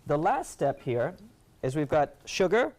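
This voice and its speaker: A chef demonstrating a recipe on a TV show set, relaxed and chatty. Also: medium pitch, unhurried, slight background noise. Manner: relaxed, chatty, laughs easily. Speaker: chef doing a cooking demo. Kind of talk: casual TV cooking demonstration. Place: TV studio kitchen set.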